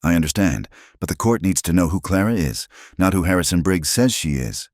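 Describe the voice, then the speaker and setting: A man playing a rancher who testifies with authority and calm conviction. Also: low voice, a little fast, no room sound, studio quality. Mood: firm. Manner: authoritative, steady. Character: commanding rancher, firm conviction.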